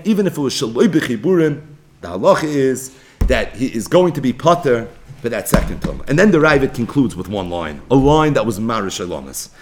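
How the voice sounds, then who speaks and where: A man with an American Yeshivish accent teaches a Talmud lesson, chanting each source phrase and then rendering it in plain English. His voice sits a little high and swings widely in pitch as he talks. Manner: animated, chanting Aramaic and Hebrew phrases then translating. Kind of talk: Talmud lecture.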